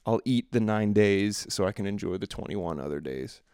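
Guy with a lowish voice ranting about a bill, acts out the other people's voices, dead dry sound. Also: expressive, moderate pace, darkish tone, clean tone, dry recording. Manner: rambling, exasperated, acts out quoted voices. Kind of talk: casual storytelling monologue.

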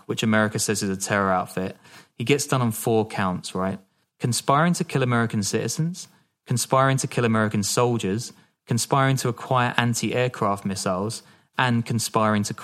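Laid-back joking man, lowish voice. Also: a bit bright. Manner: laughs often, loose and joking. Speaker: podcast host telling the story. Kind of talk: casual storytelling chat.

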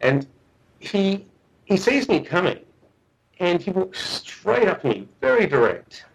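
A man's voice: sits high, huge pitch swings, a little slow, slight background noise, rough recording. A middle-aged man, a guest researcher, telling a story in a podcast interview, earnest and often restarting and repeating his words. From Australia.

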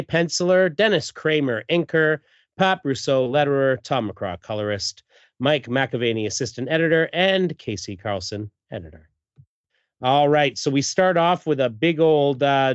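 A man's voice: mid-range voice, smooth, no echo. A man hosting a podcast, casually recapping a comic issue and reading the credits, with plenty of fillers. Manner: relaxed, many fillers, reads credits aloud. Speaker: podcast host. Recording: dull lo-fi dry recording.

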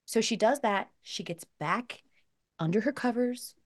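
A woman hosting a podcast, telling stories in a lively, animated way with acted-out quotes. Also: on the high side, measured pace. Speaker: podcast host. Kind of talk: casual chat.

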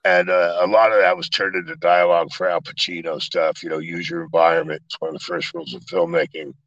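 A man, an actor guest in an interview, telling lively stories full of swearing and acted-out quotes. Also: low-pitched, fast, dry recording, highs cut off. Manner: animated, profane, acts out quotes. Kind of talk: storytelling interview.

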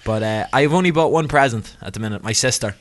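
A man's voice: medium pitch, fast. A man co-hosting a podcast, chatting casually in a rambling, jokey way and correcting himself as he goes. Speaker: podcast co-host. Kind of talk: casual chat.

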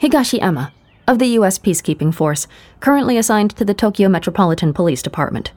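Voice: mid-range voice, lively intonation, quick pace, darkish tone, voice pushed up, lightly acted. A narrator voicing a sarcastic, frustrated woman detective in a raised, clipped voice. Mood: snarky.

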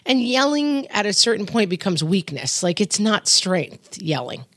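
A middle-aged woman co-hosting a parenting podcast in casual chat, telling lively stories and acting out her kids' voices. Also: mid-range voice, a little slow, no room sound, clean studio sound. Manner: animated storyteller, acts out kids' voices. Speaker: podcast co-host.

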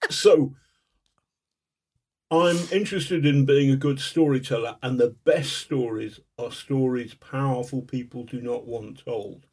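A man being interviewed as a guest, telling stories in an animated, chatty way with chuckles. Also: mid-range voice, moderate pace, few pauses, breathy edge. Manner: animated raconteur, chuckles as he talks. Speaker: guest, journalist. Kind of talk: casual storytelling interview.

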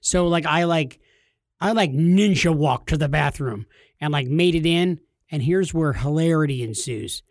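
A man's voice: a little high, a little slow, no room sound, studio quality. A man in his thirties telling a funny personal story in a rambling, self-deprecating way, with a lot of "like". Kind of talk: casual comedic storytelling.

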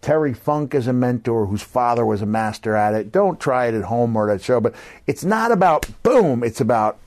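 A middle-aged man telling stories with real animation, his voice sitting at an ordinary middle pitch. He talks like a podcast guest among friends and keeps calling the host brother. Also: normal speed. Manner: lively anecdotes, calls the host brother. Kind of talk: animated storytelling.

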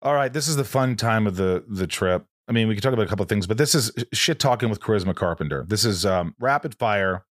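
A man's voice: on the low side, animated, fast talker, few pauses, dry recording, clean studio sound. A middle-aged man hosting a podcast interview, talking in an earnest, rambling way with many restarts. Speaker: podcast host. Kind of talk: casual interview chat.

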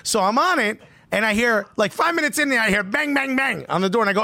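A man's voice: high-pitched, quick pace, vocal fry. A man from Newark, co-hosting a podcast, telling a funny story with lots of laughter and acted-out quotes. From Newark, United States. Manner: animated, laughing, acts out every voice in his story. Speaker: podcast co-host. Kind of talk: casual comedic storytelling.

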